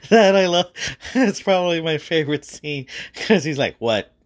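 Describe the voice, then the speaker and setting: A man hosting a podcast and giving a casual, rambling movie review, full of swearing and hesitant fillers. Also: a little high. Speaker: podcast host.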